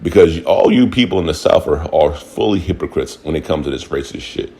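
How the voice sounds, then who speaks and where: A very deep-voiced man from Buffalo, New York, delivering a fiery, profane rant straight to his viewers. He talks hard and fast, slips into mocking voices for the people he argues with, and lets his low voice climb when he gets worked up. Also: animated, dark tone. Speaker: vlogger. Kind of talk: angry rant to camera.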